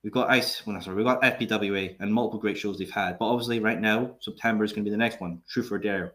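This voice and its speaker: A man's voice: lowish voice, fairly even intonation, quick pace, fairly bright tone. A man with a Scottish accent hosting a podcast, easygoing and joking, with casual swearing. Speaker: podcast host.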